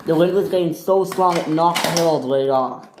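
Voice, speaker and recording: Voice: mid-range voice, normal speed. A storyteller improvising narration for a homemade toy train video, rambling and often restarting sentences. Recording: echoey noisy home recording.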